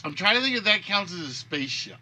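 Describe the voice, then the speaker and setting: A man chatting casually on a livestream, his voice very bright and sharp, sitting a bit high. He rambles and thinks aloud, trailing off and starting over as he goes. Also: very animated, fast. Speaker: game show host and creator.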